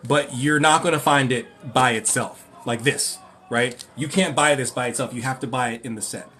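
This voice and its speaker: A man hosting a livestream Q&A, ranting and mocking in an animated way, often rambling and correcting himself. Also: medium pitch, moderate pace. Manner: animated, mocking, breaks into laughter. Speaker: livestream host.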